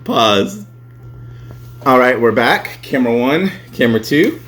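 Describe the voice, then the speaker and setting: A man talks casually on his vlog, reading reviews aloud. His voice swings widely in pitch. He laughs often and curses freely. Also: a little slow. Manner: laughs a lot, swears freely, animated.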